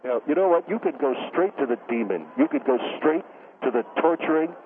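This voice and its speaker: A man's voice: fairly high pitch, expressive, brisk, crowd noise, lightly acted. Man doing a pompous, touchy scientist. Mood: indignant. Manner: indignant, self-important. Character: touchy, pompous male scientist, middle-aged. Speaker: scientist guest on phone. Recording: phone line with faint hiss.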